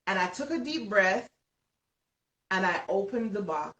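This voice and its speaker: A woman author telling an excited story on a live stream, animated, often laughing and shouting as she tells it. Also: medium pitch, measured pace. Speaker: guest author. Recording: roomy, distant from the mic.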